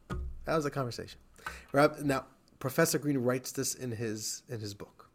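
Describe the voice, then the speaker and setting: A man's voice: mid-range voice, normal speed, soft background music. A man teaching a Torah class who tells a story with animation and acts out the quotes.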